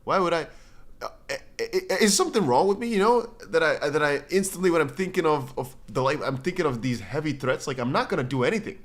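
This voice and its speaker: A man's voice: fairly high pitch, expressive, fast talker. A man hosting a crypto livestream, reading viewer comments aloud in casual chat and rambling with many restarts and playful asides.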